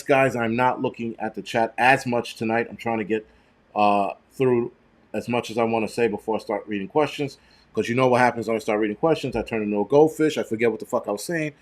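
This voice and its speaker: A middle-aged man on a live stream with a medium-pitched voice that sits right in the middle for a man. He swears freely and breaks into heated rants. He rambles loosely and often stumbles and restarts his sentences. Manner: profane, heated ranting. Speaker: show host.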